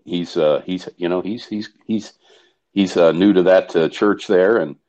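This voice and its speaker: Deep-voiced halting male guest. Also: darkish tone. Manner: halting, many fillers. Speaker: guest organizer. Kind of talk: call-in guest chat. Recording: dull lo-fi sound.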